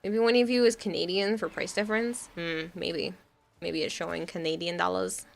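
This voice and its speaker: A woman's voice: on the low side, fairly even intonation, moderate pace, vocal fry. A woman streamer in casual live-stream chat, rambling and laughing often while she answers chat. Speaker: game streamer.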